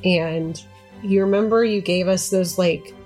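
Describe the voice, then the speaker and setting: A woman's voice: lowish voice, steady tone, measured pace, a little mellow, faint music behind. A woman player in a tabletop game, talking casually with many fillers. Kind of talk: tabletop role-play chat.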